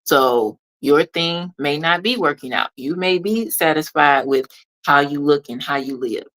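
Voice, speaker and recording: A woman with a notably low-pitched voice delivers a motivational monologue as a consultant. She speaks directly to the listener in an emphatic, preachy way. She repeats key lines to drive them home. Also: unhurried, fairly bright tone, low-quality recording.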